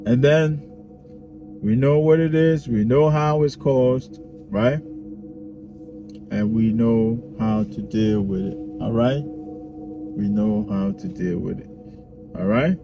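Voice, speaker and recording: A man's voice: medium pitch, slow, pauses often. A man talking casually to his viewers, repeating his points and checking in often with "all right?" and "huh?". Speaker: self-help video host. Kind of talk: casual spoken talk to viewers. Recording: music playing behind the voice.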